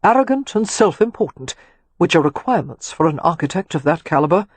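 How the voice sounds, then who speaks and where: A woman narrator voicing a confident, wry young gentleman architect who teases and reflects. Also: on the high side, sing-song, fairly quick, husky, dry recording.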